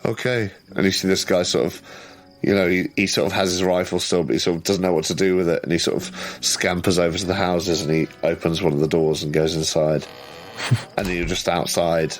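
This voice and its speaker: A man's voice: low voice, steady tone, brisk, soft background music. A man narrating as game master of a tabletop horror game, casual and hesitant with many restarts.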